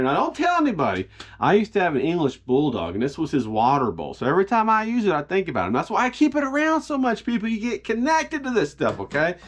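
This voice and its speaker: A man hosting a jokey cooking video in his home kitchen, boasting and hyping up his viewers. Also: mid-range voice. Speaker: home cook, vlog host. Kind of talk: comedic cooking vlog.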